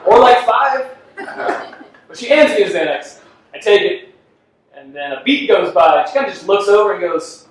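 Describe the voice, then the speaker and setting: A man with a high voice does a self-deprecating stand-up set on a club stage, speaking fairly quickly and laughing at his own jokes. He is picked up from far off in an echoey room with faint noise.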